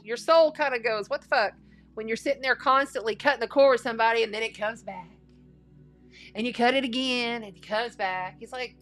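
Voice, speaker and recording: A woman's voice: fairly high pitch, a bit bright. A woman giving a casual spiritual tarot and astrology reading, chatty and folksy, repeating phrases for emphasis.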